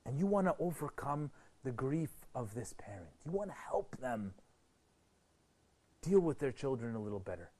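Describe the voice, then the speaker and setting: A man presenting a TV program, giving an expressive motivational lecture to a group and asking rhetorical questions. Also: normal speed. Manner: expressive, rhetorical questions, sweeping pitch swings.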